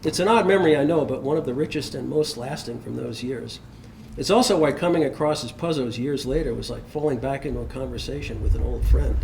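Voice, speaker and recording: A man's voice: mid-range voice, creaky, a little hiss or hum. A man at a memorial service, reading written memories aloud with fondness and the occasional laugh. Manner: warm, fond reading, often laughing.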